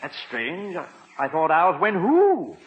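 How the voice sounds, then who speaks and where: An actor playing a fussy, polite English butler with prim, formal speech and dry quips, in a 1950s radio sitcom. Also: male voice, a little high, huge pitch swings, measured pace. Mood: flustered. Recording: dull 1950s radio recording.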